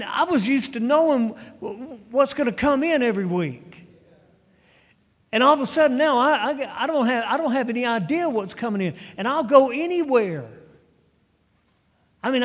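A middle-aged male preacher telling a personal testimony in a sermon, with frequent restarts and stumbles. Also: very high-pitched. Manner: storytelling testimony with repeated restarts. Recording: long hall reverb.

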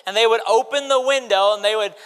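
A man preaching an animated sermon to a church congregation, calling out to the crowd. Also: high-pitched, quick pace, clean tone. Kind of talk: sermon with audience participation. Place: church sanctuary. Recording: hall reverb in a large church.

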